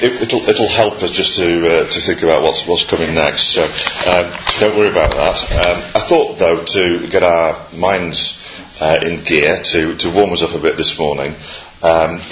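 A guest preacher with a low-pitched voice opens his sermon with a quiz, speaking hesitantly with many fillers and light jokes. The recording is echoey and muffled, with a noisy background and the congregation audible.

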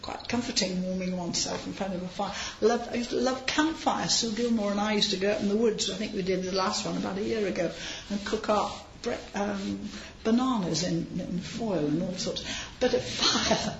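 A woman's voice: mid-range voice, moderate pace, creaky, few pauses, slight background noise. A woman giving an informal sermon, chatty and anecdotal, with frequent asides, recorded in a large hall. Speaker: preacher. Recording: roomy, slightly dull hall recording.

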